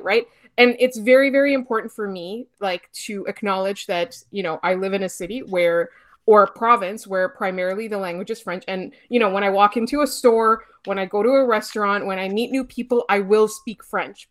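Animated woman from Montreal. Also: mid-range voice. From Montreal, Quebec. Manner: animated, many fillers, rapid restarts. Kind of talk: casual opinionated chat.

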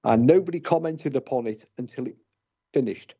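A man's voice: medium pitch, brisk, warm tone, husky. A man co-hosting a paranormal radio talk show, speaking in a casual, hesitant way with many fillers and restarts. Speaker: paranormal investigator, co-host. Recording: dull lo-fi radio audio.

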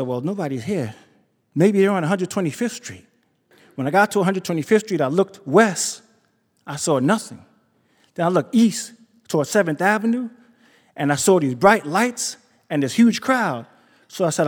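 Live storyteller: New man, high and lively voice, big swings into quoted voices, hall echo. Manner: animated, acts out quotes with big pitch jumps. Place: theater stage before an audience. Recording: live stage recording with hall reverb.

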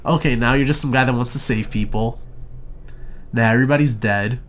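A man's voice: medium pitch, fairly bright tone. Rambling, profane young man recapping a movie. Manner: rambling, profane, acts out characters' lines in quick impressions. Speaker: podcast co-host reviewing a movie. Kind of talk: casual chat.

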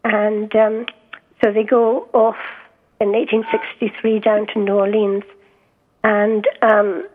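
A Scottish woman talks over a tinny phone line, her voice pitched a little high. She is an author being interviewed, and she speaks hesitantly, filling gaps with ums and going back over her own words. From Scotland. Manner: hesitant, many ums and restarts.

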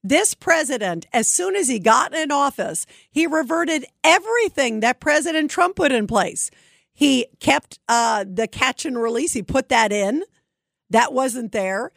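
A woman's voice: high voice, animated, a little slow, vocal fry, fairly bright tone, no room sound, clean studio sound. A woman giving emphatic, indignant political commentary. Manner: indignant, emphatic, mocking quotes. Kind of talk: opinion commentary.

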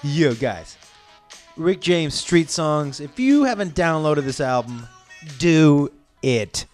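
A man's voice: on the high side, big pitch swings, slow, soft background music. A man telling a long, angry story in a casual, profane way, acting out the people he quotes.

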